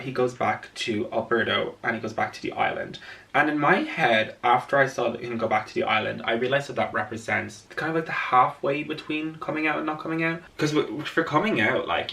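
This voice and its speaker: A man's voice: medium pitch, creaky, bright, forceful tone, distant mic. A man chatting casually through a film analysis vlog, rambling with lots of filler words, recorded indoors late at night. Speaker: video essayist.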